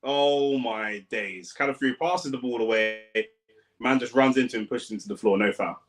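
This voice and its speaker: This young man gives relaxed, slangy live commentary on a football game as a fan streamer, occasionally erupting into loud bursts. He speaks at a normal speed with medium pitch.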